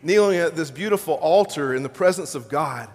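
A man's voice: fairly high pitch, fairly quick, gravelly. A male pastor preaching an earnest, repetitive sermon in a church sanctuary. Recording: long church reverb.

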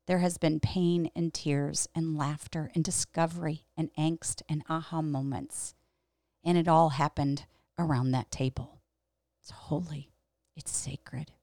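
A woman's voice: sits low, steady tone, unhurried, warm tone, no room sound. A middle-aged woman, a host and pastor, telling a personal story in a reflective, candid way with emphatic repetition.

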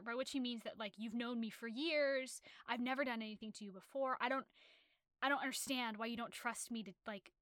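A woman talking casually about a book she has read, retelling its story in an animated way with many fillers and restarts. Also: fairly high pitch, brisk, no echo, clean studio sound. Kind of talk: casual literary discussion.

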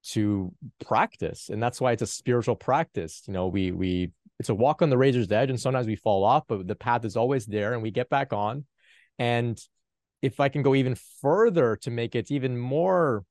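Gentle spiritual teacher, man, dry sound. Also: mid-range voice, no room sound. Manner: gentle, reassuring, many fillers and restarts. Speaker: Kundalini Q&A host. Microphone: video call.

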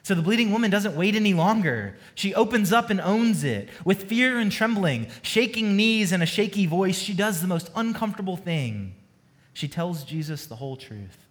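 A man preaching a sermon as pastor, earnest and storytelling, moving between hushed and emphatic delivery. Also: high-pitched, animated, normal speed.

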